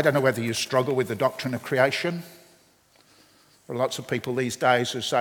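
A middle-aged man preaching a sermon, swinging between loud emphasis and quiet storytelling, often repeating his first words. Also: mid-range voice, steady tone, fairly quick, pauses often. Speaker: pastor. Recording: reverberant hall.

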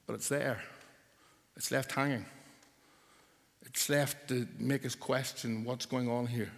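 A man preaching a sermon, emphatic and building to forceful repeated declarations. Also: medium pitch, gravelly, big-room sound.

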